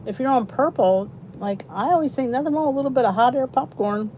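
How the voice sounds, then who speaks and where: A middle-aged woman with a warm, mellow voice hosts a relaxed livestream from a cozy room at home. She chats freely, greets viewers by name, and reacts to their comments. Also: high-pitched, fast, a little hiss or hum. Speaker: host of a live weight loss chat. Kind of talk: casual livestream chat.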